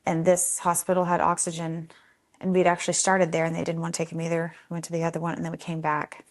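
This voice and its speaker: A woman telling stories from the foster home she runs, conversational and animated, voicing other people in the story with sudden jumps in pitch. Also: quick pace. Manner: animated, acts out quotes with big pitch jumps.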